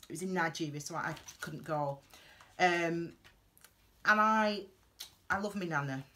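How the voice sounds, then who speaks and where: A woman gives earnest, heartfelt advice in a reflective vlog monologue, rambling and halting with frequent restarts and tangents. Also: fairly low pitch, pushed and bright, a little hiss or hum. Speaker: tarot reader giving advice.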